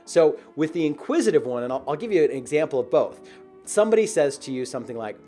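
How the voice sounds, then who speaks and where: A man's voice: fairly high pitch, very animated, fast talker, dark tone, soft background music. A man teaching as a sales coach, talking energetically and leaning hard on key words, often checking in with "right?". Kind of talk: instructional video talk.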